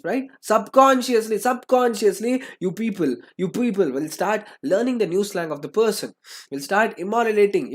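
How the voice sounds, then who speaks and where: A young man, teaching an online lecture, repeating phrases and asking "right?" after nearly every sentence. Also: high voice. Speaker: English teacher.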